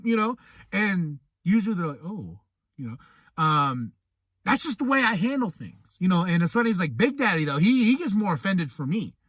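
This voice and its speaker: A man's voice: high-pitched, no echo, studio quality. A man hosting a podcast, talking casually and animatedly, acting out what other people say. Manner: animated, acts out quoted people. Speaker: podcast host. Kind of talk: casual monologue.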